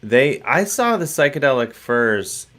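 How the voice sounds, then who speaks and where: A man's voice: mid-range voice, sing-song, measured pace, a bit bright. A man hosting a casual talk show, rambling and self-deprecating, often restarting his sentences. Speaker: host.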